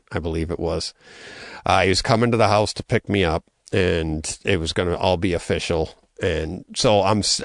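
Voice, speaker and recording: Middle-aged guy with a gravelly low voice, chatting about his life, lots of ums, dry close sound. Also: dry recording. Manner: conversational, with many fillers and restarts. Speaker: interview guest. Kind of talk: casual storytelling.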